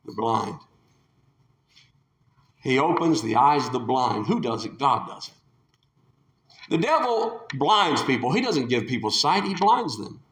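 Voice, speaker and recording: A man preaching a sermon with passion, acting out the voices of the people in the story and rising to shouts. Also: medium pitch, very animated, normal speed, echoey room. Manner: impassioned, acts out the quotes with rising shouts.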